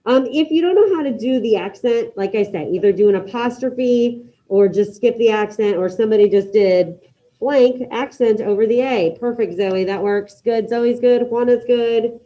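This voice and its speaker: A woman teaching a Spanish class online, brisk and encouraging, calling out students by name as she checks their answers. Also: on the high side, mellow, muffled recording.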